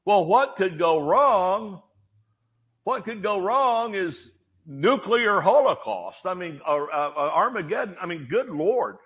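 Unhurried and husky, his voice pitched high, a man preaches as a storytelling pastor, bringing anecdotes alive with acted-out voices and humor. It's captured in dull, lo-fi sermon audio.

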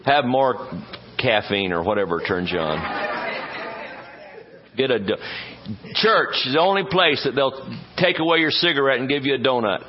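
A man's voice: medium pitch, lively intonation, moderate pace, pauses often, a faint crowd. A man preaching a sermon as pastor, folksy and joking, stretching words for emphasis. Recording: dull muffled audio.

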